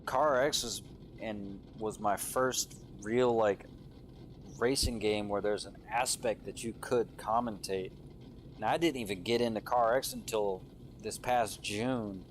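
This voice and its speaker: Excitable man calling a drift competition. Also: fairly low pitch, unhurried, slight background noise. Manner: excitable, rising on big moments, casual swearing. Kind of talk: live play-by-play commentary. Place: commentary booth.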